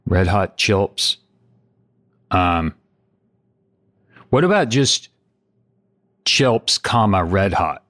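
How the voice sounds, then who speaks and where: A man's voice: sits low, lively intonation, very slow, pauses often, fairly bright tone. A middle-aged man co-hosting a podcast, riffing in a dry, playful way with small chuckles. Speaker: podcast co-host. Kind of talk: casual comedic chat.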